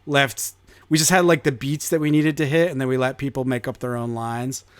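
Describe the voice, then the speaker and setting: A man's voice: medium pitch, little pitch movement, fairly quick, smooth, no room sound. A man co-hosting a podcast in casual chat, laughing often and rambling with fillers. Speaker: podcast co-host.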